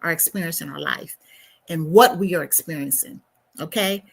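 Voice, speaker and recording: A woman's voice: deep voice, normal speed, creaky, husky. Chatty woman hosting a livestream. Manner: chatty, warm asides, mutters to herself while fiddling with settings. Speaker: livestream host. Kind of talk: casual livestream talk to viewers.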